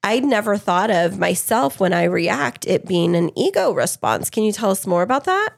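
Female podcast co-host with vocal fry, dry close sound, relaxed conversational questions. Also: mid-range voice, normal speed, no echo. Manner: conversational, reflective, gives personal examples. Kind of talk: casual interview chat.

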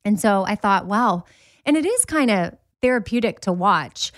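A woman's voice: medium pitch, normal speed, no room sound. Middle-aged woman host, casual chatty storyteller, dry close sound. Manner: chatty, animated storyteller, laughs easily. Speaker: podcast host. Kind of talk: casual chat.

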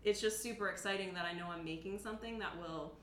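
A woman's voice: mid-range voice, fast, a bit bright, a little hiss or hum. A young woman photographer chatting as a guest, enthusiastic and rambling with many fillers. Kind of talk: casual chat. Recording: echoey room, faint ambience.

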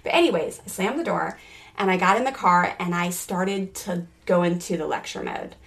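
Chatty, animated woman in her forties. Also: lowish voice, normal speed, creaky. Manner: animated, chatty, many "like" fillers. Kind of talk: casual storytelling.

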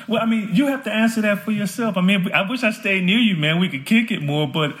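A man's voice: high-pitched, fast talker, a bit bright. A man guest on a podcast interview, talking earnestly and with heartfelt fervor.

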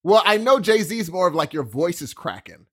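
Husky, lively-voiced man hosting a podcast. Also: high-pitched, normal speed. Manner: enthusiastic, encouraging. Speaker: podcast host. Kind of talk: casual chat.

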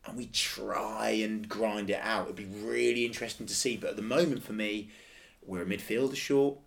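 A man's voice: on the low side, fairly even intonation, moderate pace, vocal fry. A man co-hosting a football podcast, talking emphatically and repeating phrases for emphasis. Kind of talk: casual chat.

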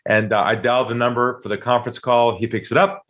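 A man's voice: medium pitch, little pitch movement, fast, fairly bright tone. A man telling a dramatic story about a sales call, acting out the quoted voices with emphatic delivery. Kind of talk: animated storytelling.

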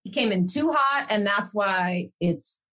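A woman's voice: medium pitch, animated, measured pace, fairly bright tone. A woman co-hosting a podcast in casual chat, enthusiastic and chatty, fond of folksy sayings. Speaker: podcast co-host.

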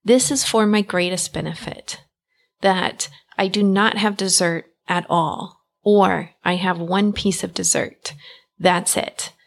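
Woman podcast host, lowish voice, gravelly fry, direct and encouraging delivery. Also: fairly even intonation, slow pace. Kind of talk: self-help podcast monologue.

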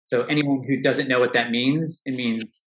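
A middle-aged man speaks in an earnest, reflective way, often starting a sentence over as he works out his thought. His voice sits at an ordinary pitch. It carries a noticeable room echo, as if recorded in an open space. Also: fairly even intonation, normal speed. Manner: reflective, earnest, frequent restarts. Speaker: coach. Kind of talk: interview conversation. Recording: roomy echo.

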